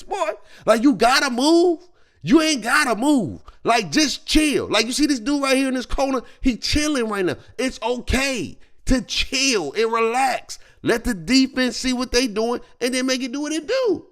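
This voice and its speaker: Excitable streamer guy, high voice bouncing all over, slangy rant with laughs. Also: normal speed. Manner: animated, slangy, laughing as he rants.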